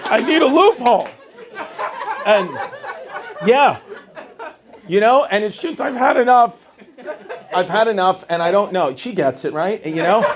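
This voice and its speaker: High-voiced, exasperated stand-up comedian. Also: male voice. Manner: animated, exasperated storytelling. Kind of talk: stand-up set. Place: comedy club stage. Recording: live stage with crowd laughter.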